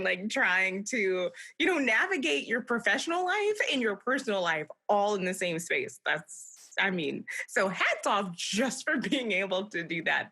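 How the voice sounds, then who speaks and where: A woman hosts a podcast interview in a bright, clear voice. She talks in a chatty, reflective way and laughs easily as she praises her guest. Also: medium pitch. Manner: warm laughing, reflective, speaks of faith. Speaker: podcast host and mediator. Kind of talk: conversational interview.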